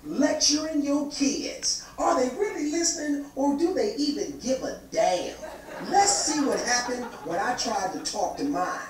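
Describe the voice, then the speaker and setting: A man doing a stand-up comedy set, telling stories with lively, loud punchlines. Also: extremely high pitch, measured pace. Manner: animated storytelling, loud punchlines. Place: comedy club stage. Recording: echoey club with crowd noise. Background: audience laughter.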